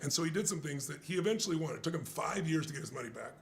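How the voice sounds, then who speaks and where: A man's voice: on the high side, racing, a little hiss or hum. An older man telling anecdotes with energy, acting out what others said in conversation. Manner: lively anecdotes, acts out quoted dialogue. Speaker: guest speaker. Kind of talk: animated storytelling in a conversation.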